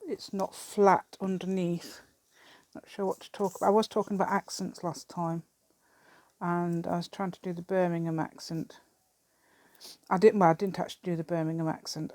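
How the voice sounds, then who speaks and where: A woman's voice: on the low side, darkish tone, dry recording. Chatty woman crafting outdoors. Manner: rambling, chatty, self-deprecating with frequent laughs. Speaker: craft vlogger. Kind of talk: casual chat while crafting. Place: at an outdoor table. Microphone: camera set on the table.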